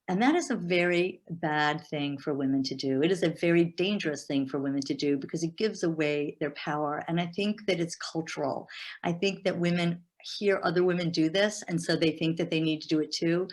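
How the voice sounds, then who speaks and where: A middle-aged woman talking as an interview guest and business coach, animated and emphatic, often repeating words as she restarts. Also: low voice, normal speed. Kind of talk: casual interview talk.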